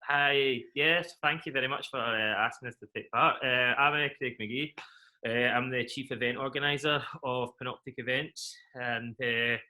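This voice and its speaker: A man's voice: mid-range voice, steady tone, normal speed, pushed and bright. A young man with a Glaswegian Scottish accent, answering interview questions as an event company head, with many fillers and easy laughter. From Scotland.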